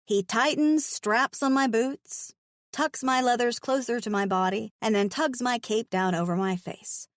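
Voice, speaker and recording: A woman's voice: fairly high pitch, a little slow, no echo, studio quality. A woman narrating a first-person romance audiobook in a frank, wry, playful way.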